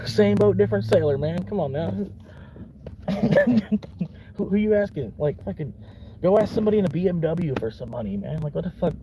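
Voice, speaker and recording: A man's voice: sits high, lively intonation, normal speed, long pauses. A man from Florida, a vlogger rambling casually from his car, laid-back, chuckling often and swearing easily. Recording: car interior with vehicle noise.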